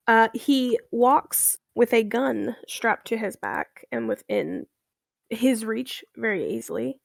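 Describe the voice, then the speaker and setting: A woman playing a tabletop game, calmly describing her character. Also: fairly high pitch, vocal fry, no room sound, clean studio sound. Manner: relaxed, descriptive. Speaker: player.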